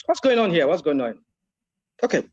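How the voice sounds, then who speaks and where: Fast, agitated man with a Nigerian Yoruba accent. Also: fairly high pitch, sing-song, darkish tone, lo-fi sound. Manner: agitated, repeats himself, switches into Yoruba. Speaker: debate participant. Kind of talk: heated online debate.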